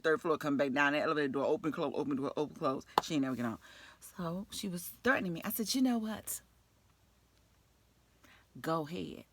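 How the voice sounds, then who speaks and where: A woman with a New York accent, a nurse telling an animated, profane story from work with frequent laughter. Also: low voice, husky. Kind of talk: storytime vlog.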